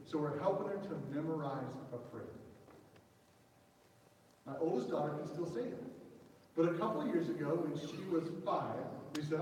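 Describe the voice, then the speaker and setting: A man's voice: on the high side, animated, moderate pace, darkish tone, slight background noise. A man in his thirties with a Southern accent, preaching a conversational sermon and often checking in with the congregation. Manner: conversational, repeats "right?" as a check-in. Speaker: pastor. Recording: echoey hall, mic far off.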